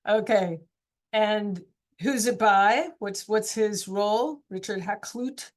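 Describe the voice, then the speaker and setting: A woman teacher leads a relaxed online class, talking through questions in an easygoing, encouraging way. Her voice sits at an ordinary middle pitch, and she keeps the discussion moving by asking her students things. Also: slow pace. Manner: chatty, encouraging, asks questions.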